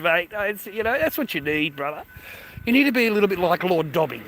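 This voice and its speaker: Australian male streamer, slightly high voice, blunt foul-mouthed rant. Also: big pitch swings, a little fast, fairly bright tone, a little hiss or hum. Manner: blunt, heavy swearing, grumbling. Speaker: livestreamer. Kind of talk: profane casual rant.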